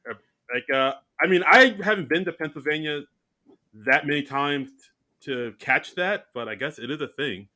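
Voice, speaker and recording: Male podcast co-host, bright tone, animated and self-mocking, casual chat. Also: a little high, normal speed. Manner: animated, self-mocking, talks in bursts with restarts.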